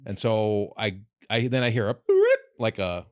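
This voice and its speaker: A man's voice: on the low side, wildly swooping pitch, moderate pace, darkish tone, no room sound, studio quality. A man hosting a podcast, telling a long rambling story with plenty of swearing and restarts. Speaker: podcast host. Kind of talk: casual podcast chat.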